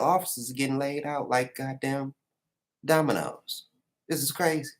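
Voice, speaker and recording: A man recapping manga chapters in a casual live reaction, animated and profane, acting out the characters' lines. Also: mid-range voice, moderate pace. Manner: animated, acts out the characters' lines in raised voices, swears freely. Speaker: manga reviewer.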